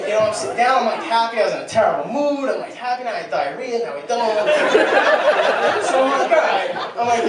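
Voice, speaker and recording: A man's voice: very high-pitched, very animated, brisk. A young man doing a stand-up set in a comedy club, telling a crude, rambling, self-deprecating story. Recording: distant, very echoey club recording with loud crowd.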